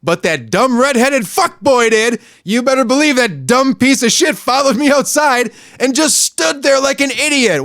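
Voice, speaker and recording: A man hosting a podcast, delivering a crude, angry rant that swings between low muttering and yelling. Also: dry recording, clean studio sound. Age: adult, not much older than a young store clerk. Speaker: podcast host. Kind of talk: profane ranting monologue.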